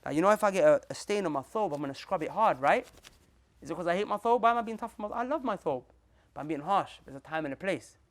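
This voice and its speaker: A young man preaching to a room of listeners in a quick, restless flow. His pitch leaps up and down as he repeats points and drops in street slang, turning to the audience again and again. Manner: animated, repetitive, slangy, addresses listeners directly. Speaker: Muslim preacher. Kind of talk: lively motivational talk to a group.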